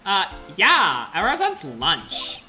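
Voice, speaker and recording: A woman's voice: mid-range voice, huge pitch swings, drawn-out words, sharp tone, faint music behind, exaggerated voice. A woman voicing a ditzy young Valley Girl who drifts vaguely and fills every sentence with "like". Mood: airy, evasive. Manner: vague, peppered with "like".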